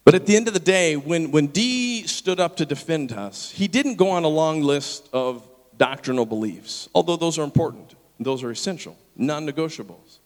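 Animated preacher in an echoing hall. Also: male voice, a little high, moderate pace, few pauses. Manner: animated, acts out the people in his story. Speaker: pastor. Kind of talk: sermon storytelling. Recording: long reverb of a large hall.

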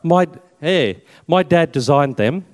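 A man's voice: a little high, lively intonation, takes it slowly. An Australian Catholic priest in his fifties giving a chatty personal testimony with slides and self-mocking humour. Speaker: Catholic priest and army chaplain. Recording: long reverb in a hall.

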